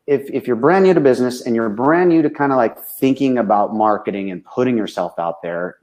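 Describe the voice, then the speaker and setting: A man's voice: mid-range voice, darkish tone. A man, a business coach, speaking frankly and with animation in casual conversation, tagging nearly every sentence with a questioning "right?".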